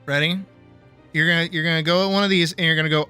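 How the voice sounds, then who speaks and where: Bright, high-voiced streamer lecturing bluntly. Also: male voice, fairly even intonation, fast, clean tone, soft background music. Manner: blunt, teasing, profane, lecturing with playful bravado. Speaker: art streamer teaching viewers. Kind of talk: casual live-stream art lesson.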